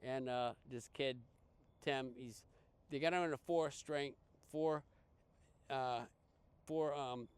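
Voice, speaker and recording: Male podcast guest, conversational storyteller, smooth clear tone, mid pitch, lots of false starts. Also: takes it slowly, pauses often. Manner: rambling, full of restarts and fillers, animated quoting. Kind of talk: casual storytelling.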